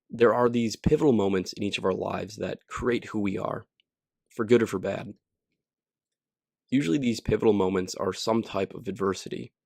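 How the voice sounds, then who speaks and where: Gravelly low-voiced Midwestern man hosting. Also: darkish tone, no echo, studio quality. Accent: Midwestern American. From Wisconsin, USA. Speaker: podcast host. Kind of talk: upbeat podcast interview.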